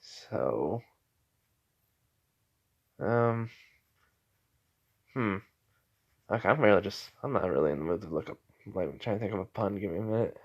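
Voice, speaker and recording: A man's voice: lowish voice, lively intonation, moderate pace, pauses often. Rambling man narrating an improvised story. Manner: rambling, lots of fillers. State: sleepy late at night. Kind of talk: improvised fan-fiction narration. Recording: slightly muffled lo-fi audio.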